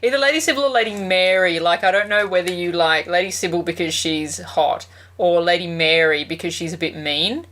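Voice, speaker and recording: A woman's voice: fairly low pitch, a little fast, a bit bright. A woman co-hosting a casual podcast chat, chatty, laughing often and swearing freely. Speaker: podcast co-host.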